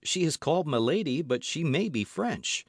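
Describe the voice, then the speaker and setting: Casual: guy doing a panicky young swordsman, pitched up, pretty loud, urgent. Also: moderate pace, no echo, clean studio sound. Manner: excited, raised and loud. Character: frantic young male swordsman, breathless and urgent. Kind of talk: audiobook character voice.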